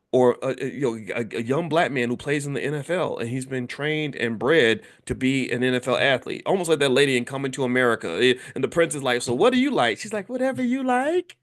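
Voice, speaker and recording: A middle-aged man hosting a commentary monologue, talking in a lively way and acting out quoted people in changing voices. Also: medium pitch. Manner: animated, acts out quotes in character voices. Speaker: host.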